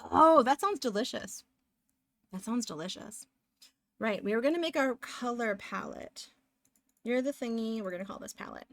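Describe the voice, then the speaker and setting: A woman's voice: on the high side, expressive, normal speed, pauses often, dry recording. A young woman streamer chatting casually with viewers in a rambling way, eating between sentences, close to a desk microphone. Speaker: live streamer.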